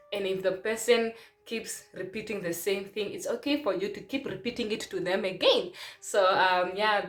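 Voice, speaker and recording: A young adult woman chatting casually to her vlog viewers, often pausing to search aloud for the right word. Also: lowish voice. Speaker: vlogger. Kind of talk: casual vlog chat to camera. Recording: roomy echo.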